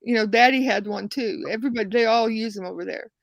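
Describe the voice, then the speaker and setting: A woman hosting a talk show tells a long story in a loose, rambling way, backing up and restarting her sentences as she goes. Her voice sits somewhat high and carries a gravelly fry. The sound is dry and close. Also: quick pace, dry recording. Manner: rambling, animated, many restarts. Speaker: show host. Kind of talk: casual storytelling.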